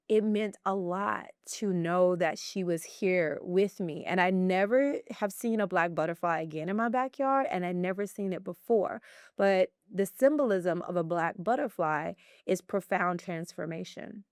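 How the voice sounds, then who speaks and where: A woman guest in an interview, telling personal stories in an animated, heartfelt way. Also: medium pitch, moderate pace, clear, resonant tone, no room sound, clean studio sound. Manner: animated storyteller, acts out her own excitement. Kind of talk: conversational interview.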